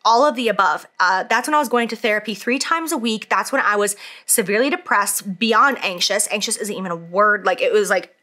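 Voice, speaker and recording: Thirty-something woman doing her makeup and venting to the camera, bright clear voice, lots of "like"s. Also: medium pitch, a little fast, few pauses. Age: 30s. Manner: candid, emotional, many "like" fillers; talks while applying makeup. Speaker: beauty vlogger. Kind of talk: casual talk to camera.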